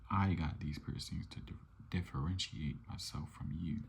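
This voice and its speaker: A man's voice: a bass voice, normal speed, vocal fry, slight background noise. A man voicing a bickering male villain twin scientist in a whispered role-play.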